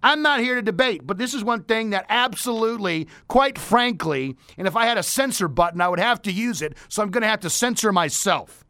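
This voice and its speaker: A man hosts a talk radio show in a high, lively voice that swings widely up and down. His tone is bright and pointed, and the close studio sound is completely dry. He rants emphatically and fires off rhetorical questions. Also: a little fast, dry recording.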